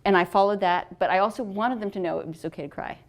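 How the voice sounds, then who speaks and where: Middle-aged woman author, animated and chatty, quick to laugh. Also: mid-range voice. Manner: animated storyteller, laughs often. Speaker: author and adoptive mother. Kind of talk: casual talk answering questions.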